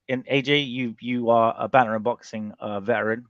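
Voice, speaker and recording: A man's voice: medium pitch, a little fast, no room sound, dull audio, soft background music. A man talking casually and animatedly as a panelist on a boxing chat show, often restarting his sentences. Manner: animated, rambling, with many restarts.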